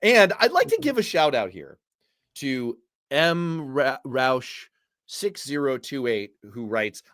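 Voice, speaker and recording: A man's voice: mid-range voice, slow, no echo, studio quality. A man hosting a live-stream political commentary show, feisty and jokey, talking with a guest and reading out viewer comments. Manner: animated and feisty, jokey asides. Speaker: host.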